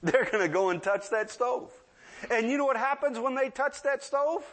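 A man's voice: extremely high pitch, moderate pace, fairly bright tone. A man in his sixties preaching a sermon in a conversational way, often checking in with the audience and acting out children's voices in asides. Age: 60s.

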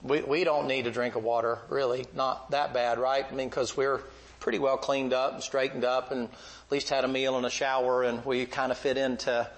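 A man preaching with a gravelly edge in his mid-pitched voice. He paints a Bible scene in folksy, homespun words and lifts into emphatic bursts as the story builds. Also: little pitch movement, moderate pace, rough recording. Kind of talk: storytelling sermon.

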